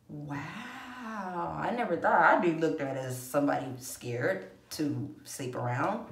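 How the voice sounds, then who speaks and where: Low-voiced woman telling a rambling story. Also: fairly bright tone. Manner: rambling, emotional, acts out quoted voices. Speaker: vlogger. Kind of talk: casual personal storytelling. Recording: echoey room.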